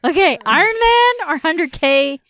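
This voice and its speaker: Host: woman, high and very animated, upbeat, laughs a lot, dry close mic. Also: measured pace, dry recording. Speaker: podcast co-host. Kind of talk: casual interview chat.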